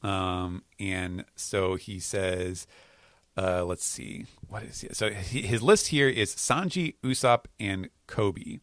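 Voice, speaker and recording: A man chats on a podcast in a fairly low voice, pausing often and restarting his sentences as he explains. The sound is dry and close, with no room around it. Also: fairly bright tone, no room sound. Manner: hesitant, many fillers and restarts while explaining. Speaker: podcast host. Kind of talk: casual chat recapping comics.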